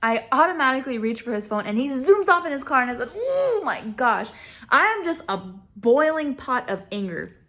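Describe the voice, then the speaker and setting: A young woman with a somewhat high voice tells a personal story straight to camera. She is animated and self-mocking and laughs often. She acts out quoted lines with big jumps in pitch. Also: a little fast. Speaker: vlogger.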